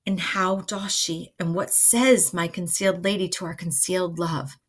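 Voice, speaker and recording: A woman's voice: fairly low pitch, steady tone, moderate pace, natural voice. A grief-stricken young man, as a woman reads his part, anguished and full of desperate questions. His lines come out with urgent, pleading emphasis in a dramatic play reading.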